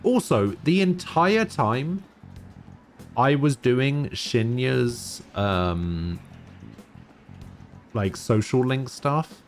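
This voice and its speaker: A man's voice: mid-range voice, animated, extremely slow, pauses often, soft background music. A man streaming a game, chatting in a rambling, casual way while yawning and tired. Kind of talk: casual gameplay commentary.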